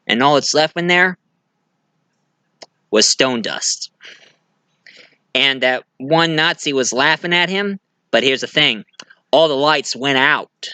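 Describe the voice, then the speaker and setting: A man's voice: medium pitch, pushed and bright, smooth, no room sound. A man giving a casual movie review, retelling the plot in a rambling way with fillers and restarts.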